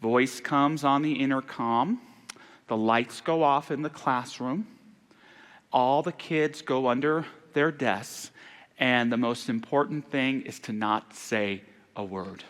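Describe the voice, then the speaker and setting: A man delivering a Sunday sermon as minister, earnest and turning hushed on sorrowful passages. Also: mid-range voice, slow pace. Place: church sanctuary. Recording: long hall reverb in a church.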